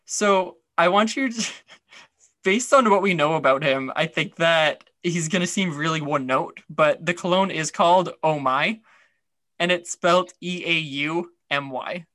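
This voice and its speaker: A man co-hosts a podcast in a loose, rambling chat, full of fillers and restarts. His voice sits a touch high and rings bright, and the recording is dry and close. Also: a little slow, dry recording. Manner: chatty, rambling, many fillers. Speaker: podcast co-host. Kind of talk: casual chat.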